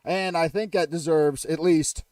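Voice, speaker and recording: A man's voice: on the high side, steady tone, measured pace, recorded from a distance, very noisy. Jokey, chatty man hosting a livestream. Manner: jokey, chatty, laughs at his own jokes. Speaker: livestream host. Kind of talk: casual live-stream chat.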